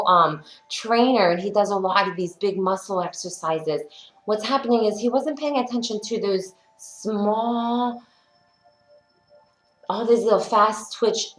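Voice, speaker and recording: A woman leading a home workout as a fitness instructor, upbeat and encouraging, chatting and telling stories between cues. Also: medium pitch. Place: her workout studio, indoors. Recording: echoey room with faint music.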